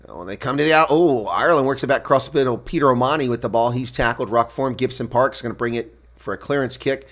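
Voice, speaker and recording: Bright-voiced man calling rugby live. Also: mid-range voice, fast. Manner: calls play, then shouts with excitement at big moments; chats to live-stream viewers between plays. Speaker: solo live reaction commentator. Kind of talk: rugby play-by-play commentary.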